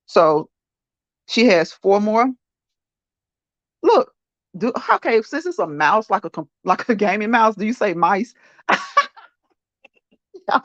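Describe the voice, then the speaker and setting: A woman's voice: mid-range voice, lively intonation, slow pace, pauses often, dry recording. A woman hosting a casual livestream, chatting to her viewers, laughing often and repeating herself. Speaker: livestream host. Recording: dull, dry lo-fi sound.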